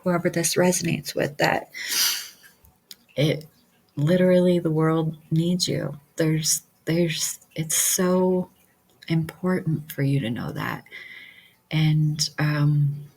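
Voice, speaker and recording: Casting note: woman practitioner, low breathy voice, earnest and unhurried. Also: a little mellow, rough recording. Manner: earnest, repeats affirmations, many fillers. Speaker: QHHT practitioner. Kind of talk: casual talk to camera.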